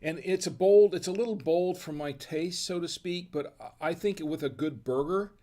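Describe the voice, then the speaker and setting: A man hosting a home wine and cheese tasting, talking casually and thinking aloud with restarts and quiet asides. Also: on the high side, normal speed. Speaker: host of a wine tasting show.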